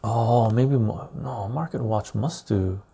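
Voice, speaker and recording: A man's voice: lowish voice, slow, warm tone, husky. A man hosting a live stream, thinking aloud in casual commentary as he pulls up stock charts, muttering and checking in with "right?".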